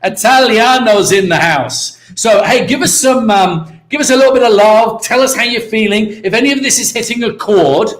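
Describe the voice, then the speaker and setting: A British man giving an energetic motivational talk on a live stream, repeating key words and calling out to viewers by name. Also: sits high, moderate pace, few pauses, reverberant. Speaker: network marketing mentor hosting a live stream.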